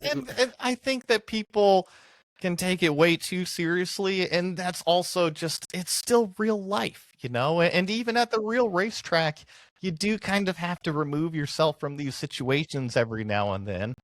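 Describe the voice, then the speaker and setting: A man's voice: high voice, normal speed, no room sound, studio quality. A man who works as a motorsport commentator, chatting in an easygoing, upbeat way on a podcast. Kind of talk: casual podcast chat.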